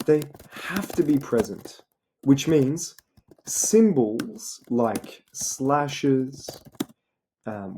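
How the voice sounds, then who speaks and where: A young Australian man with a mellow, mid-range voice tutors students in a relaxed lesson. He asks rhetorical questions and keeps repeating "right?" and "you know." Keyboard clicks come through on the noisy recording.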